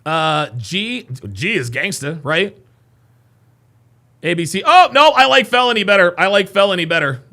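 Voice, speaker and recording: A podcast host, reading out viewer comments on a livestream, excitable and loud, with frequent exclamations. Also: male voice, sits high, moderate pace. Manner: excitable, laughing often, loud bursts of exclamation.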